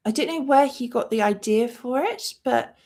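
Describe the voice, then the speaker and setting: In a mellow, fairly high voice at a normal speed, a woman hosts her movie channel's live-stream chat. She rambles and speaks with feeling, using many fillers along the way.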